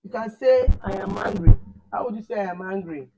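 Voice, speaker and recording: A man teaching a language lesson online, repeating words slowly and correcting his pupils. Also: high voice, vocal fry, darkish tone, poor audio.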